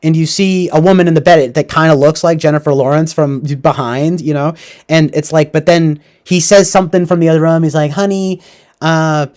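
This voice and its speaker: A man's voice: on the high side, steady tone, a little fast, a little mellow. A man hosting a casual livestream, rambling and profane, tagging his thoughts with "like" and "right?". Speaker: livestream host. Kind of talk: casual livestream movie talk.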